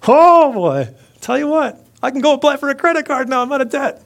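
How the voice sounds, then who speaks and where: A man's voice: sing-song, a little fast, creaky, heavily acted. A preacher putting on the voice of a giddy, overjoyed servant who has just been freed from his debt. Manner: gleeful, bouncing, high and loud.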